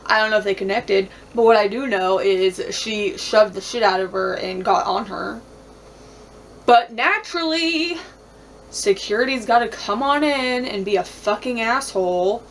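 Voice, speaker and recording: In a casual vlog, a woman recaps a reality show bluntly, swearing a lot, saying "like" constantly, and laughing often. Her mid-range voice runs a little slow, and there's slight background noise.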